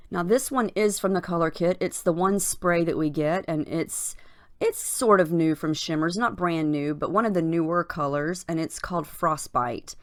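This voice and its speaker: Scratchy-voiced woman narrating her crafting. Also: fairly low pitch. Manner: chatty, unhurried, frequent fillers. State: scratchy morning voice. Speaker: crafting channel host. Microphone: voiceover recorded separately from the footage.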